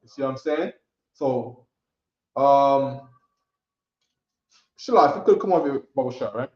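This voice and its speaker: A man's voice: mid-range voice, measured pace. Casual man teaching in an echoey room. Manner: casual, coaxing, drills words loudly, checks in with "right?". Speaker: Hebrew language teacher. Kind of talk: classroom language lesson. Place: classroom. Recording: echoey room, dull lo-fi sound.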